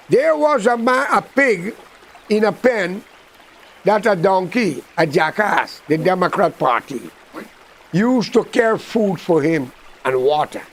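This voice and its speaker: A man's voice: sits high, rough recording. A man from Guyana with a Guyanese accent, delivering a blunt, rambling political monologue in a preachy tone.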